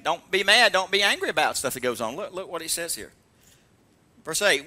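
A man preaching a sermon, with a high, very bright voice that swoops up and down as he tells stories. He draws the congregation in with call-and-response and often laughs along with his own stories. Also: moderate pace. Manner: animated storytelling with call-and-response; laughs while telling stories. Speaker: pastor.

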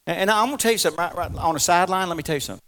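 Man, pastor, folksy sermon, slightly high voice, loud-then-soft delivery. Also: rapid-fire. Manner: folksy, repetitive, swings between loud exclamations and quiet asides.

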